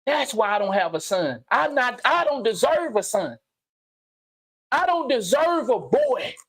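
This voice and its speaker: A man hosting a livestream and giving an unscripted motivational monologue, blunt and profane, repeating phrases and swinging from low murmurs to loud outbursts. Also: big pitch swings, a little slow. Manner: blunt, preachy, profane street slang. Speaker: livestream host. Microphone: streaming mic.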